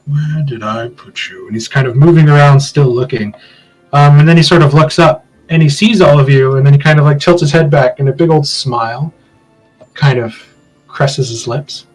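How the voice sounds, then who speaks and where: A man's voice: on the high side, normal speed, soft background music, rough recording. A man running a tabletop game as game master, describing scenes in a loose, hedging way full of fillers.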